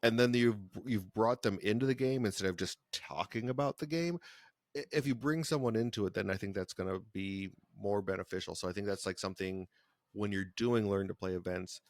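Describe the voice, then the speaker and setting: A podcast co-host with a lowish voice chats casually, rambling and restarting often. The recording is dry and of studio quality.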